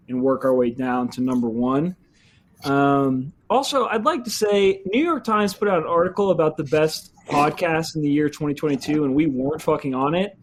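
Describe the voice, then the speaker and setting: A podcast host with a fairly high voice, talking crudely and joking his way through a casual chat with friends. He laughs often and swears freely.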